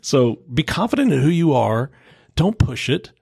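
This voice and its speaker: Gravelly, husky-voiced male pastor. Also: a little high, sing-song, normal speed, darkish tone, no room sound, studio quality. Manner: easygoing, plainspoken, joking. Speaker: pastor and podcast co-host. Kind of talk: casual podcast discussion.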